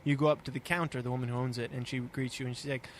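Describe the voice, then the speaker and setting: Racing along in a flat, mid-range voice, this podcast co-host keeps things upbeat in casual chat, laughing now and then between frequent "uh"s. A little hiss or hum sits under the recording.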